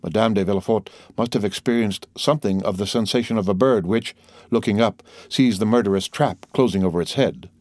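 A man narrating an audiobook of a classic novel in a measured, steady way. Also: on the low side, no room sound, studio quality.

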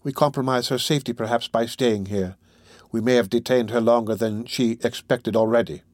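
Guy voicing a kind old gentleman, formal and earnest, dry up-close sound. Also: mid-range voice, steady tone, no room sound, close to an everyday voice. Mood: sad. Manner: measured, formal and persuasive. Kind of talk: audiobook character voice.

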